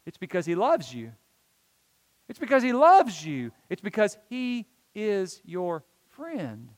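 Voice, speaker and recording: High-voiced preacher man in a reverberant hall. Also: wildly swooping pitch, takes it slowly. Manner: earnest, emphatic preaching with repeated phrases. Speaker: pastor. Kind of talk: sermon.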